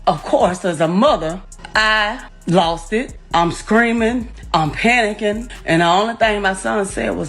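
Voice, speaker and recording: A woman's voice: mid-range voice, unhurried, fairly bright tone, faint music behind. A middle-aged woman giving a raw, profane first-person account as a grieving mother, rising to anguished outbursts. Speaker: grieving mother telling her story.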